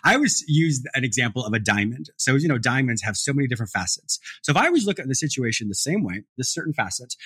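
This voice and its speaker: Quick, lively-voiced male podcast host. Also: mid-range voice, husky, no echo. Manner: enthusiastic, affirming, quick-talking. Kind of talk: casual interview chat.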